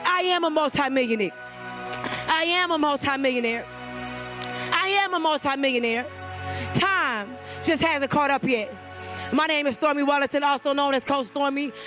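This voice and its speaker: A woman with a very high, bright, forceful voice gives a preacher-like motivational speech from a live event stage. She drives the audience with commanding, repetitive call-and-response lines while faint music plays underneath. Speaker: motivational speaker.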